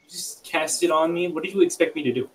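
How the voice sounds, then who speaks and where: A man playing a tabletop game, excitable and jokey, often laughing. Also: fairly high pitch, fast talker, poor audio. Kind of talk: casual tabletop role-play.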